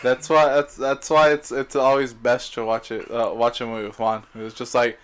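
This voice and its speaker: A man's voice: medium pitch, little pitch movement, clear, resonant tone. A man co-hosting a comedy podcast, swearing casually and chuckling along with his friends. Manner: profane, chuckling, quick backchannels. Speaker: podcast co-host.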